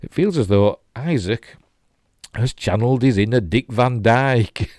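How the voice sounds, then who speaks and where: A man's voice: medium pitch, a little slow, a little mellow, dry recording. A man with a Yorkshire accent hosting a geek news show, reading stories and dropping dry jokey asides. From Yorkshire, England.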